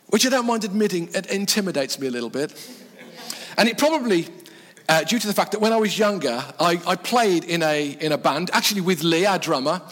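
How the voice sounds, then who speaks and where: A man's voice: fairly high pitch, fairly bright tone. A man from the English Midlands preaching a sermon in a church, chatty and self-mocking, laughing often as he talks. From Black Country, English Midlands. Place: church hall. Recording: reverberant church hall.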